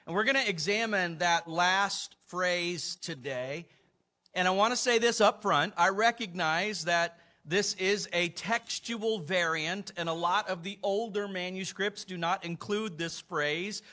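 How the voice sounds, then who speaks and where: Slow, bright-voiced older male preacher. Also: high-pitched. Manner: measured preaching with emphatic quoted lines. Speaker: pastor. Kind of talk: sermon.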